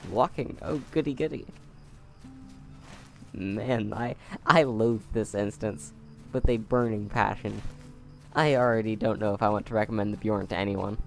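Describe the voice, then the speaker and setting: A man's voice: on the low side, fairly even intonation, moderate pace, faint music behind. A man playing a video game at home and talking through it on a close mic, chatty and sarcastic with wry asides. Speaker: game player. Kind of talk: let's play commentary. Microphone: close desk mic.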